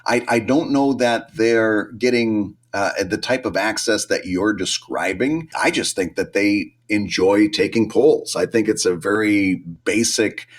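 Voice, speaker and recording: A man co-hosting a podcast in casual chat, animated and acting out quoted lines. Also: lowish voice, a little slow, few pauses. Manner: animated, acts out quoted lines in changing voices. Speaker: podcast co-host.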